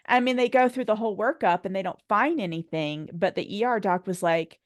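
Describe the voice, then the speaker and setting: A woman in her forties appears as a podcast guest, telling a personal story conversationally in a mid-range, fairly quick voice with clean, echo-free studio sound. She's an animated storyteller, acting out what others said and laughing often.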